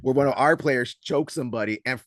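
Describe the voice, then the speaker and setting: A man co-hosting a casual podcast as a judo coach, telling stories in an animated way and acting out what others said. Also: mid-range voice, brisk, dry recording, clean studio sound. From Southern California. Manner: animated storyteller, acts out quotes loudly.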